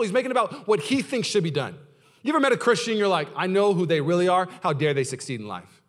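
Animated pastor preaching. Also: male voice. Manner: animated, swings from loud and high to low and quiet; conversational, asks the audience questions. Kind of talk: sermon.

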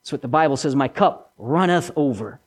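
A man preaching a sermon with an emphatic delivery, repeating key lines and swinging between loud and soft. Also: a little high, lively intonation, fairly quick.

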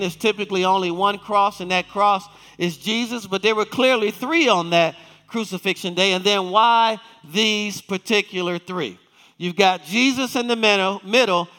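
Preaching in a large hall of a church sanctuary, a pastor speaks in a high-pitched, sharp voice. Scripture is read aloud with slowed, emphatic quotes, and he puts questions to the people listening.

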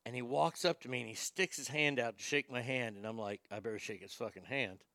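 A man telling a stand-up story, animated and profane, acting out the lines of the people in it. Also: mid-range voice, a little fast, dry recording, clean studio sound. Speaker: stand-up comedian.

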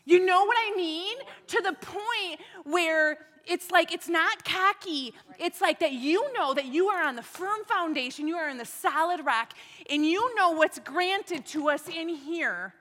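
Earnest high-voiced woman preaching. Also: expressive, measured pace, sharp tone, long reverb tail. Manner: earnest, exhorting, with rhetorical questions. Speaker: women's ministry teacher. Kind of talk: church teaching talk.

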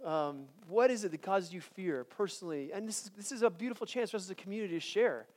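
High-voiced man preaching in chapel. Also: fast talker, a little mellow. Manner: conversational, repeats and restarts words, builds to emphatic declarations. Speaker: chapel speaker. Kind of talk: sermon.

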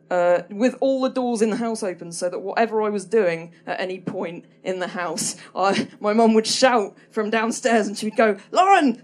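A woman's voice: mid-range voice, darkish tone. A woman telling a stand-up story in a hesitant, self-deprecating way, full of ums and restarts. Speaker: comedian.

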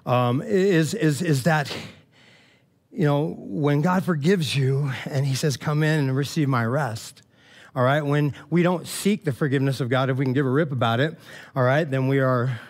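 A man's voice: medium pitch, normal speed. A man, a pastor, preaching a casual sermon and retelling scripture in loose, slangy, chatty language with many restarts.

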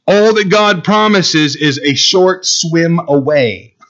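A man's voice: fairly high pitch, expressive, slow, fairly bright tone. Emphatic male pastor, lo-fi sound. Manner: emphatic, asks the listeners questions and repeats phrases. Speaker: pastor teaching a Bible class. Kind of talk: sermon.

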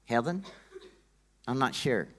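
A man's voice: medium pitch, big pitch swings, slow pace. A preacher voicing Junior, a cheeky wisecracking boy puppet sidekick who teases and tries out a fake Australian greeting. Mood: playful.

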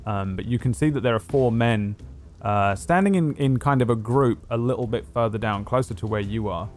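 A man's voice: medium pitch, moderate pace, soft background music. A man narrating as game master of a tabletop game, rambling and hesitant with many fillers.

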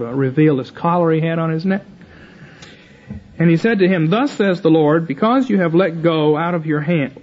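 Here an older man lectures on the Bible, his voice slightly high as he paraphrases scripture casually and acts out the spoken parts. It comes through as a muffled, low-fidelity recording.

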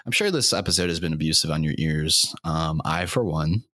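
Deep-voiced young man rambling wildly. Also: brisk, dry recording, studio quality. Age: 20s. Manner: erratic, self-mocking, swings into shouting and silly sing-song bits. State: sore throat from screaming. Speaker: podcast host. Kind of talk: rambling solo comedy podcast.

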